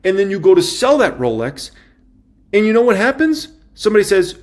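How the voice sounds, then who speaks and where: Emphatic, excitable man with lively pitch. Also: a little fast. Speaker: stock market commentator. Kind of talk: casual market commentary to camera.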